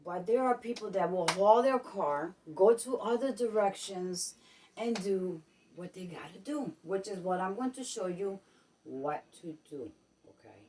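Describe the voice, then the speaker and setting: A Puerto Rican woman vlogs casual advice from home at medium pitch, a little slow, with a darkish tone and lively intonation over slight background noise. She sounds somewhat far from the microphone and repeatedly checks in with "okay?" while going over the same points.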